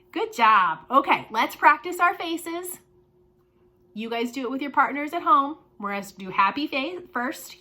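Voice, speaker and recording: A woman teaching a lesson to young children, animated and sing-song, with playful exclamations. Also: on the high side.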